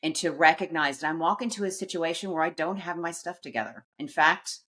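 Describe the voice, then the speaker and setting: Woman, middle-aged, podcast guest, low voice, bright tone, animated storytelling. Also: brisk. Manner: animated, acts out quotes, laughs at herself. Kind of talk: personal storytelling in an interview.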